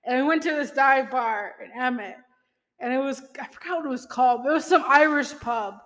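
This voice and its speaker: A woman's voice: high voice, a little fast, fairly bright tone, big-room sound. A young woman telling casual stories in a chatty way, laughing often and using lots of fillers. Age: young adult. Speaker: podcast host. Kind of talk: casual storytelling monologue.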